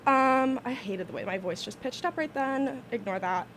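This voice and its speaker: A young woman hosting a college radio show in casual, rambling chat, slightly out of breath and a little shrill, talking into a studio microphone. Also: moderate pace, a bit bright, slight background noise. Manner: rambling, filler-heavy, self-deprecating.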